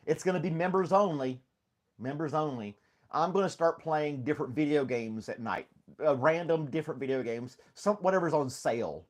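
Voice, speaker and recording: A middle-aged man chatting with his live stream audience in a loose, rambling way. He laughs often and talks easygoing and unhurried, with a voice of ordinary pitch. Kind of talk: casual chat with live chat viewers.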